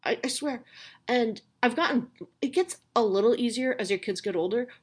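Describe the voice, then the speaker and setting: A woman's voice: on the high side, expressive, moderate pace, husky. A woman in her thirties hosting a podcast, giving a candid, swearing, self-mocking pep talk to new mothers. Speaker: podcast host.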